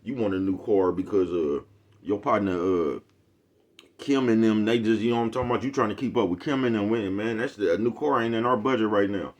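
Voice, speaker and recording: Deep-voiced man rambling to his viewers. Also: fairly quick. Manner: repeats a catchphrase, chuckles often, slangy and profane. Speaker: YouTube host. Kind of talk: casual rambling monologue to viewers.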